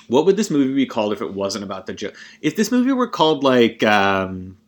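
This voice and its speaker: A young man talking casually about a film in a voice of ordinary pitch. He rambles and swears, constantly breaking off and restarting his sentences. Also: very animated, unhurried. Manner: rambling and profane, frequent self-interruptions. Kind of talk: casual movie rant.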